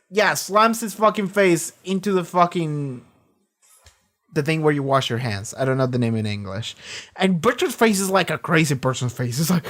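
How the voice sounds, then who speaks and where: A man talks through a show in casual reaction commentary. His voice sits a little high, and he rambles with plenty of fillers and cursing. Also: normal speed. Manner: loose, profane retelling full of fillers. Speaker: reaction video host.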